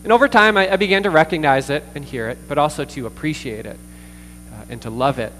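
Earnest pastor preaching in a reverberant hall. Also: male voice, fairly high pitch, fairly bright tone. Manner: earnest, pausing with fillers and repeated words. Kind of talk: sermon. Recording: distant reverberant hall with mains hum.

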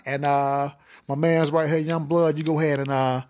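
A man's voice: fairly high pitch, level tone, normal speed, darkish tone. A man hosting a comedy podcast, telling a joke in a loose, rambling way and laughing at himself.

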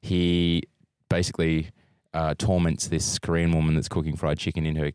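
A man's voice: extremely low pitch, little pitch movement, moderate pace, darkish tone, clean tone, no echo, clean studio sound. A man co-hosting a podcast, chatting about films with enthusiasm and trailing off mid-sentence. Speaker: podcast co-host. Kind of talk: casual film chat.

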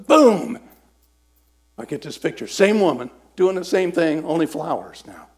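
A man preaching a sermon and telling a story, acting out voices and swinging between loud and soft. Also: on the high side, sing-song, moderate pace, creaky.

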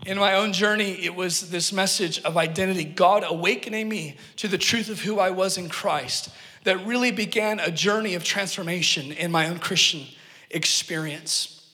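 Male preacher, high and bright, earnest storyteller, in a reverberant church hall. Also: moderate pace. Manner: earnest, emphatic, joking asides to the congregation. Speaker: pastor. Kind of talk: sermon with personal storytelling.

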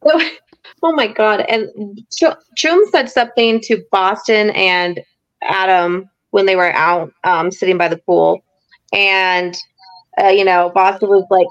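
A woman's voice: mid-range voice, measured pace, lo-fi sound. A woman co-hosting a casual podcast, retelling scenes and acting out the quotes. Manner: animated retelling, acts out quotes. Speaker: podcast co-host. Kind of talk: casual chat about a TV series.

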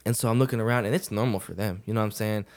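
A man's voice: on the low side, fairly even intonation, very fast, darkish tone. Laid-back young man telling a story. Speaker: podcast guest. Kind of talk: casual storytelling interview.

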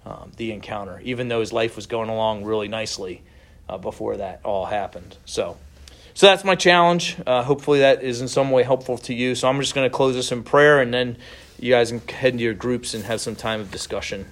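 A middle-aged man preaching a sermon as pastor, earnest and conversational, with gentle laughs between thoughts. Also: medium pitch, steady tone, a little fast.

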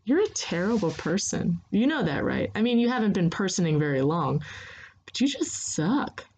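A woman voicing a calm, blunt woman monk who speaks slowly and plainly. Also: lowish voice, a little hiss or hum. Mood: calm, wry. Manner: slow, measured and blunt.

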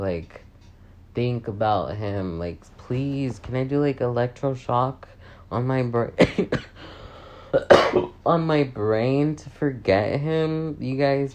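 A woman's voice: extremely low pitch, darkish tone. A young woman rambling through a casual confessional vlog, swearing often and mocking herself. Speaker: vlogger.

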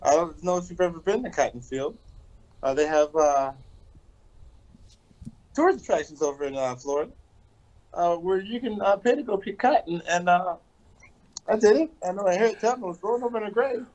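A man joking on a casual podcast. He tells comic tales in a deadpan way. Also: high-pitched, moderate pace, long pauses, lo-fi sound.

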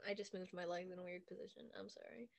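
A young woman co-hosting a chaotic podcast, swinging between loud squeaky bursts and tired mumbles. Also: fairly even intonation, fast, gravelly, heavy background noise. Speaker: podcast co-host. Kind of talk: casual chat.

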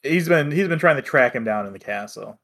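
A man's voice: medium pitch, animated, a little fast, creaky, a bit bright. A man co-hosting a casual chat, recapping episodes in an easygoing way and acting out characters' lines. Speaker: podcast co-host.

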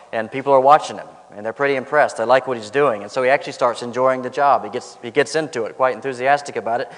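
A man's voice: medium pitch, big-room sound. A man preaching a sermon in a church, telling stories and driving home points by repeating key lines. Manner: storytelling, emphatic repetition, rises on punchlines. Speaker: pastor. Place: church sanctuary.

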